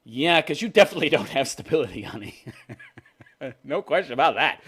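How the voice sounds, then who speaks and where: A man's voice: on the high side, expressive, brisk, pauses often, a bit bright, breathy edge. A man in his fifties reading a news story aloud and mocking it with crude, sarcastic jokes, laughing at his own lines. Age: 50s. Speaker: commentary channel host.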